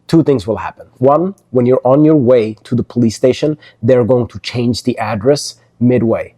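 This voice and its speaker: A man's voice: mid-range voice, moderate pace, mellow, breathy edge, no room sound. A man hosting a reaction video, explaining things in an earnest, conversational way. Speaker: host reacting to clips. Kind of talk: casual commentary.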